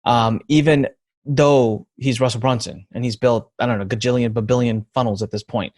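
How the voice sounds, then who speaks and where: A man's voice: medium pitch, steady tone, normal speed, a little mellow. A man in his thirties hosting a podcast interview, talking in an easygoing, joking way. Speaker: podcast host.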